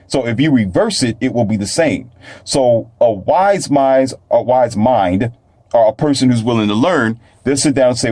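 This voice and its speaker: A man's voice: medium pitch, animated, moderate pace, a little mellow, dry recording. A man delivering a rambling, preachy solo monologue, sometimes mocking imagined doubters in a raised voice. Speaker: self-published author and talk host. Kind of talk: casual monologue.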